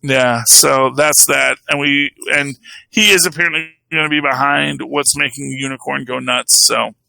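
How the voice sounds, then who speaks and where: A man's voice: mid-range voice, steady tone, normal speed, vocal fry, bright, forceful tone, no echo, poor audio. A man co-hosting a podcast, talking comics in a rambling, casual way full of "you know" and "um". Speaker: podcast co-host. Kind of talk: casual chat about comics.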